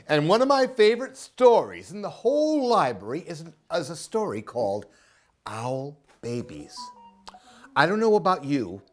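Animated woman reading aloud to children. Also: rumbling low. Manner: animated, expressive read-aloud voice. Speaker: librarian.

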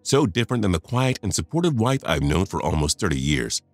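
Very deep-voiced man telling a story. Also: sing-song, brisk, no echo. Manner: confiding, talks straight to the listener. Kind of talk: first-person storytelling narration.

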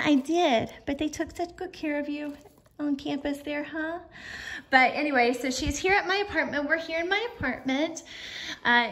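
A woman's voice: on the high side, fairly bright tone. A middle-aged woman chatting casually to her phone camera in her living room, cooing in baby-talk to her dog between remarks to viewers. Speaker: vlogger. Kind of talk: casual chat. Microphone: phone camera in landscape mode.

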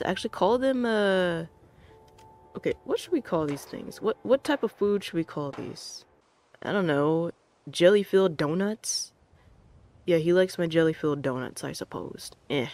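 A VTuber streamer in casual live game-stream commentary, rambling and joking with lots of fillers and minced oaths, and bursting into excited yelling during gameplay. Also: mid-range voice.

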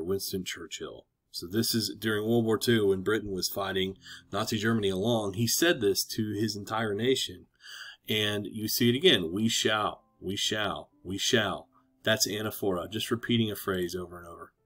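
A man's voice: lowish voice, fairly bright tone. A man teaching a recorded lesson to children, chatty and encouraging. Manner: chatty, encouraging, reads quotes aloud with emphasis.

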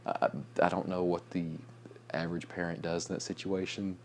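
Young man, very low voice, sleepy and yawning, rambling late-night vlog chat, faint hum behind. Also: little pitch movement, moderate pace. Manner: rambling, with restarts, soft chuckles. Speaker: vlogger.

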